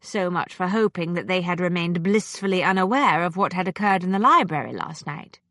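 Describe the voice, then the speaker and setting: A woman narrating an audiobook in an expressive, storytelling manner. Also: on the low side, brisk, dry recording. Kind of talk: scripted narration. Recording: dry studio sound.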